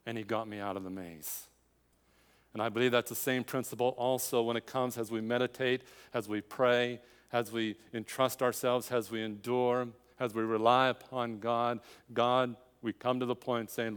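A man's voice: medium pitch, steady tone, unhurried, fairly bright tone, clear, resonant tone, in a large hall. An older man preaching a sermon, telling a personal story with quoted dialogue and building to emphatic climaxes.

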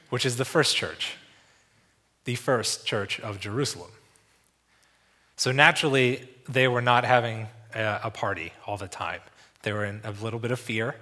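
A man's voice: medium pitch, pushed and bright. A man preaching a sermon in a church, casual and conversational, with many fillers and restarts. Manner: tells a story, acting out the voices of the people in it. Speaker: visiting preacher.

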